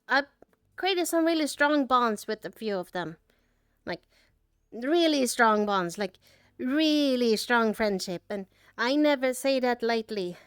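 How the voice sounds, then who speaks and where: A woman reflects emotionally on her life as an artist, her high-pitched voice clean in tone. She's choked up, fighting back tears, and speaks haltingly, often restarting and letting phrases trail off. The recording is dry with clean studio sound.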